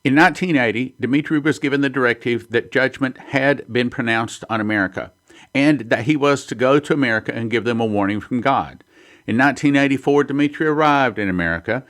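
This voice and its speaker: A man's voice: mid-range voice, brisk, fairly bright tone. A man hosting a prophecy ministry, teaching in a sermon style and reading headlines and quotes aloud earnestly.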